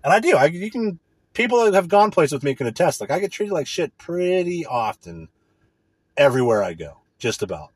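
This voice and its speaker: A man's voice: fairly high pitch, sing-song, fairly quick, slightly rough, no room sound. A man in a casual, profane, indignant rant. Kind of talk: casual ranting monologue.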